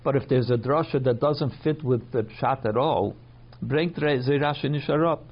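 A man teaching a religious text in a measured, mid-pitched voice, stopping to translate each Yiddish or Hebrew phrase into English. His delivery is halting and full of restarts. The recording sounds dull and slightly muffled. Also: slightly rough. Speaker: Torah teacher.

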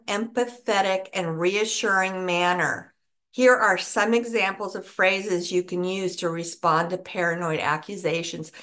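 A woman teaching caregivers in a calm instructional talk, with a repetitive, reassuring coaching manner. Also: fairly low pitch. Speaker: dementia care educator.

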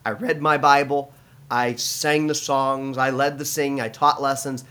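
A man's voice: medium pitch, little pitch movement, measured pace, fairly bright tone, clear, resonant tone. A middle-aged man from the United States, a pastor, telling his personal testimony in an interview, earnest and full of restarts and fillers.

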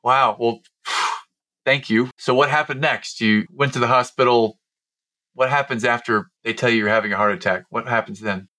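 Podcast host guy, bright forceful voice, asks curious questions. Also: medium pitch, steady tone, normal speed. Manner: curious, gently probing. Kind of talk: interview questions.

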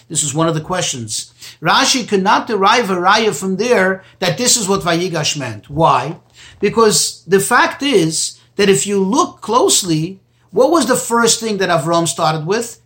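Deliberate man teaching a text lesson. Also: high-pitched, a bit bright. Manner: deliberate, repeats key phrases for emphasis. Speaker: Torah teacher. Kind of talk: explanatory text study lesson.

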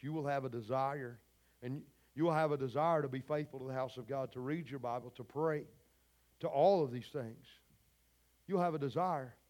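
A mid-range, slightly mellow male voice belongs to a pastor preaching during a church service. His sermon is fervent and folksy, aimed squarely at the people in the pews.

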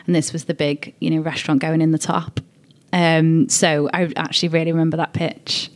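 A woman from Liverpool, England, with a Scouse accent speaks casually as an interview guest, an agency director looking back on her career. Her deep voice is brisk and fairly level in pitch. She tells her stories in a chatty, warm-hearted way, packed with fillers.

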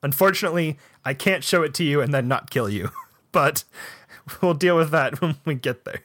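A man's voice: fairly high pitch, moderate pace, a bit bright. A man in casual comedic banter, hesitant and full of fillers. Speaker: game player.

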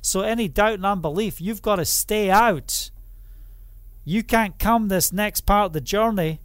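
A man's voice: high-pitched, a little slow, a bit bright, no echo, studio quality, voice pushed up. A man acting out a firm teacher who gives urgent, direct instructions.

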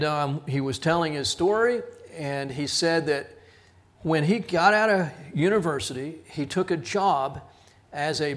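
A man's voice: fairly high pitch, fairly bright tone. A middle-aged man, teaching a Bible study as a sermon, telling stories and acting out the people in them with a raised voice. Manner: storytelling, quotes others in raised voice, chuckles at himself.

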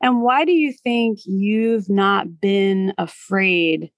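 A woman's voice: mid-range voice, slow, dry recording. A woman hosting a podcast interview, asking curious follow-up questions. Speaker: podcast host.

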